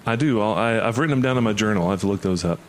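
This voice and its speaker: Low-voiced male tabletop player. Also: racing, slight background noise. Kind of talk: in-character storytelling in a tabletop game.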